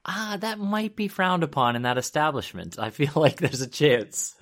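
A man's voice: a little high, sing-song, normal speed, a bit bright. A man co-hosting a podcast, chatting casually and easily, laughing often. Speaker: podcast co-host. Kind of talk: casual chat.

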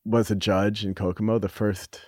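A middle-aged man, a podcast guest, talking candidly and thoughtfully, with halting restarts and the odd swear word. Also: lowish voice, little pitch movement, darkish tone, no echo, clean studio sound. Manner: reflective, halting, with frequent restarts and casual swearing. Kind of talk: candid conversational storytelling.

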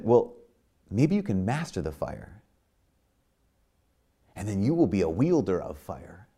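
A man's voice: lowish voice, darkish tone. A man preaching a sermon in an earnest, conversational way, with many fillers and restarts.

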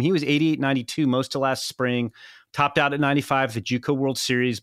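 A man's voice: medium pitch, fairly bright tone, dry recording, studio quality. A man on a baseball podcast, talking through prospects in detail with self-deprecating asides. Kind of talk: casual podcast chat.

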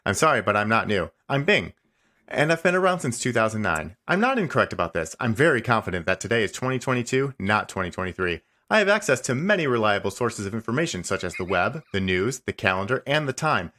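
A man reading the lines of a stubborn, passive-aggressive male AI chatbot in a comedy podcast, insisting he is right and tacking on a deadpan "smiley face". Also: on the low side, fast. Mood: defensive. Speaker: podcast host. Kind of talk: comedic dramatic reading of a chat log.

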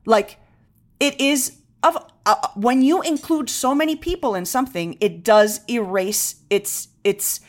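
Fired-up woman from Venezuela. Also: a little high. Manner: impassioned, rapid and animated, mixing in Spanish words. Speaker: podcast co-host. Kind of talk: casual chat.

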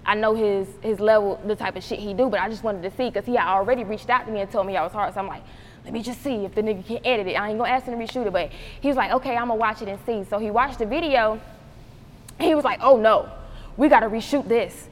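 A young woman rapper from North Carolina, telling stories in an animated way, acting out quotes and laughing often. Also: mid-range voice, rapid-fire. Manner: animated storytelling, acts out quotes, laughs a lot. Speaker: rapper, interview guest. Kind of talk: casual interview chat. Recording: roomy hall with faint noise.

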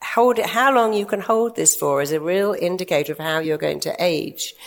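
An older woman therapist giving a lively talk to an audience, telling stories about her clients. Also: fairly low pitch, moderate pace. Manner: lively storytelling with quoted clients. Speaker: therapist and speaker.

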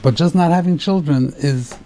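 A rabbi giving a Torah class on the weekly portion, explaining the text step by step, asking rhetorical questions and mixing in Hebrew terms. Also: male voice, on the high side, normal speed, mellow, slight background noise.

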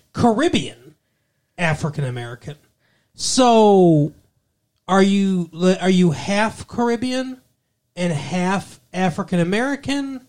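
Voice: mid-range voice, expressive, slow pace, pauses often, a little mellow. A co-host of a casual comedic podcast, reading personal ads aloud and riffing on them in a wry, rambling way full of asides.

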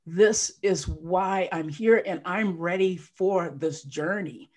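This woman's voice sits on the lower side, and she takes her time. A life coach on a podcast as a guest, she recounts her story with feeling in a casual interview, animatedly acting out what others told her.

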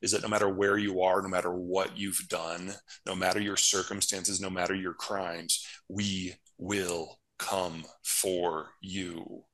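A man's voice: low voice, little pitch movement, normal speed, few pauses, fairly bright tone, poor audio. A man, a geopolitical strategist being interviewed, explaining world affairs in a blunt, emphatic, matter-of-fact way. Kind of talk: casual analytical interview talk.

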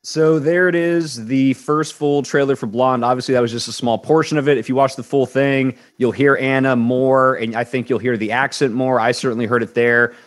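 A man's voice: medium pitch, steady tone, moderate pace, hardly any pauses. Blunt, emphatic male show host. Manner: emphatic, blunt, repeats words when worked up. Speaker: entertainment news host. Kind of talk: opinionated co-host chat.

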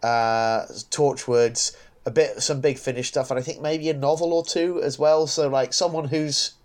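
A man's voice: medium pitch, steady tone, normal speed, a little mellow. A man co-hosting a podcast in casual chat, talking with frequent stumbling restarts and light chuckles. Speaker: podcast co-host.

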